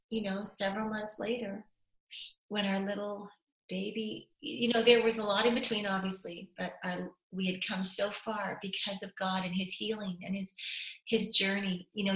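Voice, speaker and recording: A middle-aged woman recounts a painful family story as a guest, candid and animated, her voice catching with tears now and then. Her voice sits in the middle range, and the recording carries a noticeable roomy echo. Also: medium pitch, moderate pace. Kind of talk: emotional personal storytelling.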